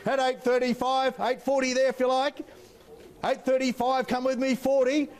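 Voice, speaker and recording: High-pitched Australian auctioneer man. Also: level tone. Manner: rapid rhythmic bid calling with playful banter. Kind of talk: live property auction calling.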